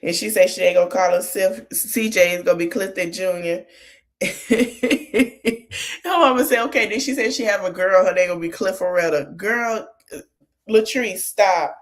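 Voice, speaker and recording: A woman's voice: mid-range voice, normal speed. A woman hosts a podcast and recaps a reality show in easy, casual talk. She keeps stopping to give the cast frank, motherly advice, as if she were talking to them face to face. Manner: chatty, gives motherly advice straight to the cast.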